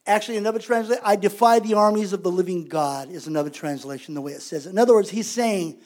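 A man's voice: sits high, quick pace, few pauses, a little mellow. A man preaching a sermon as pastor, conversational and emphatic, repeating his points for weight.

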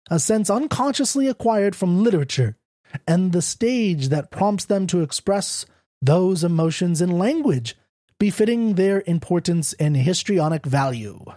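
A man's voice: high-pitched, dark tone, no room sound, clean studio sound. A man reading a pompous, self-assured magazine editor who speaks in lofty, oratorical sentences.

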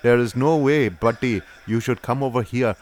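A man's voice: medium pitch, moderate pace, voice pushed up, close to an everyday voice. A man voicing a brash, boastful Welsh man in an exaggerated put-on Welsh accent. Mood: boisterous. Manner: exaggerated, shouty.

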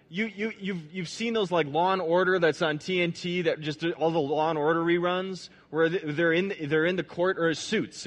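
A man preaching a conversational sermon in a fairly high voice. He keeps asking the audience questions and stumbles through restarts. He sinks his voice low and quiet to stress key points. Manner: restarts and repeats words, dropping low and soft for emphasis.

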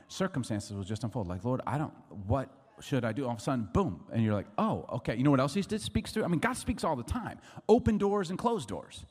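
A man's voice: medium pitch, a little mellow, big-room sound. A man in his forties preaching a sermon, chatty and jokey, acting out little voices as he talks. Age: 40s. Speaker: pastor.

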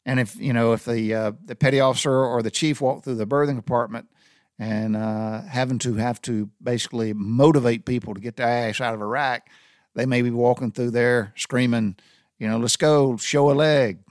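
A Navy veteran from the Southern United States, speaking with a Southern accent, rambles casually about sailor slang, restarting his sentences often. His medium-pitched voice stays fairly even at a moderate pace. The studio recording is clean, with no room sound.

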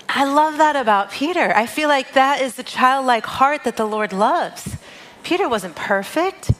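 A woman with a fairly high voice gives a devotional teaching. She speaks in a heartfelt, conversational way and reads scripture passages aloud between her own reflections. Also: animated, normal speed, fairly bright tone, low-quality recording. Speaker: worship leader sharing a devotional.

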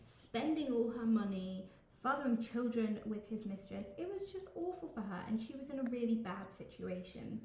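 A woman's voice: on the high side, lively intonation, normal speed, hardly any pauses, darkish tone. A woman co-hosting a casual history podcast, steering the chat back to the story. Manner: keeps the story on track, narrating events. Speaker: podcast co-host. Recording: roomy echo.

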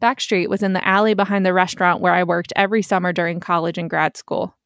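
Brief: young woman narrator, steady plain storytelling, dry close mic. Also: fairly low pitch, quick pace, dry recording. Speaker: storyteller host. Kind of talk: first-person story narration.

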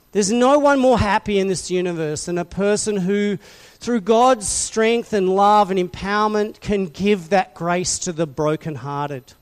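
A man preaching a sermon to a congregation, passionate and questioning, swinging from loud emphasis to soft, quiet lines. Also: sits high. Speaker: pastor.

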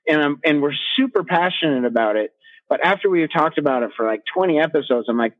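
A man's voice: a little high, animated, fast, narrow, tinny audio. A man, a coach co-hosting a podcast, ranting in casual chat and swearing freely.

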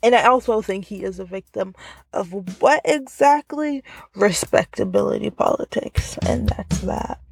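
A woman's voice: mid-range voice, very animated, measured pace, vocal fry, slightly rough, no room sound. A woman hosting a casual solo podcast from inside her car, chatty and full of filler words. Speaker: podcast host.

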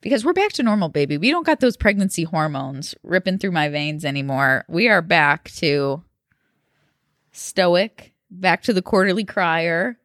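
A woman's voice: on the low side, lively intonation, moderate pace, a bit bright, no room sound, studio quality. A woman in her thirties co-hosting a podcast, chatting casually, rambling and laughing often. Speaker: podcast co-host. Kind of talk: casual chat.

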